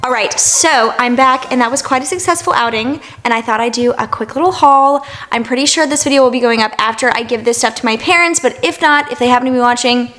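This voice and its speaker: A woman's voice: on the high side, quick pace, few pauses, a bit bright. A young woman, chatting enthusiastically to camera as a vlogger. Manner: chatty and enthusiastic, gushing over finds. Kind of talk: casual vlog chat.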